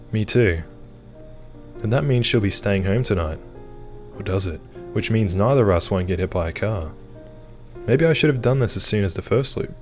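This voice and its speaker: A man's voice: fairly low pitch, a little mellow. A young man reading a visual novel aloud and adding easygoing asides. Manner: easygoing asides between narration. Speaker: game reader and let's player.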